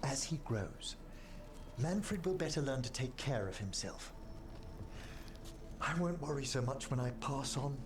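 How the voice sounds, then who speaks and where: An actor playing an elderly, gentle necromancer who speaks in a refined, measured and courteous way. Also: male voice, mid-range voice, lively intonation, noisy background, close to an everyday voice. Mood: tender. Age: older. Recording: game audio over music. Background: game music.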